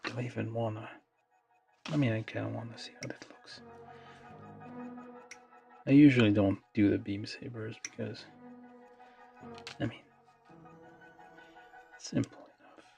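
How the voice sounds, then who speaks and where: Slow, gravelly man thinking aloud. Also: fairly low pitch, steady tone, dark tone. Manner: mumbling, thinking aloud, many fillers. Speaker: model kit livestreamer. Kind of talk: casual talk while building. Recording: music playing under the voice. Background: background music.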